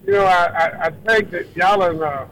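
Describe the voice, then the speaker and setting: Caller: a cocky wrestler man, a touch high, faint noise behind. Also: moderate pace, a bit bright, poor audio. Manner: cocky, trash-talking.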